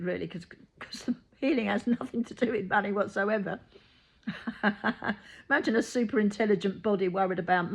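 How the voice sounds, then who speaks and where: A woman's voice: fairly low pitch, gravelly, slightly rough. Blunt, matter-of-fact woman healer. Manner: blunt, matter-of-fact, acts out quoted voices. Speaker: reiki healer. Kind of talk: casual spoken monologue.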